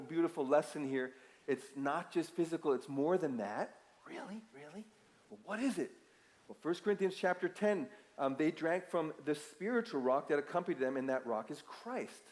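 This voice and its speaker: A man preaches to his congregation, his voice sitting a little high. He talks casually, asks questions of the room and pushes hard on key words. The sound carries a long reverb from a large hall. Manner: conversational, asks the audience questions, emphatic bursts. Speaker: pastor. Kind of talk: sermon. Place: church sanctuary.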